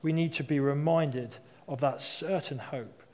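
A man's voice: fairly high pitch, measured pace, darkish tone. A man in his thirties or forties preaching a sermon, telling stories in a conversational way and asking rhetorical questions. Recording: long hall reverb.

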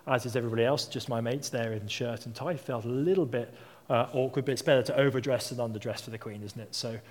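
A man's voice: medium pitch, fast talker. A man preaching a sermon in a mid-range voice, chatting through anecdotes and tossing out rhetorical questions. His words ring out with a long echo from a large hall. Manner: conversational storytelling with rhetorical questions.

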